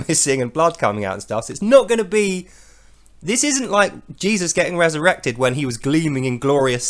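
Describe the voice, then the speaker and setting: High, animated sarcastic male podcaster. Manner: sarcastic, swears freely, slips into loud mock voices. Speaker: podcast host reading and commenting on scripture. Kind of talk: mocking commentary on a reading.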